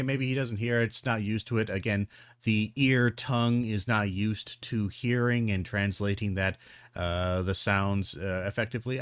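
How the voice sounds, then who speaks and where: A man with a fairly low voice talks through a video as a commentator, rambling along with plenty of ums, restarts and the occasional curse. The recording is dry and close, with no room sound. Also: dry recording. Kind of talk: casual commentary.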